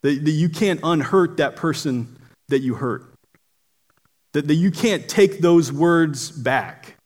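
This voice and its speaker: High-voiced earnest male preacher. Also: takes it slowly, darkish tone. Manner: earnest, often stumbles and repeats words at phrase starts. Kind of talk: sermon.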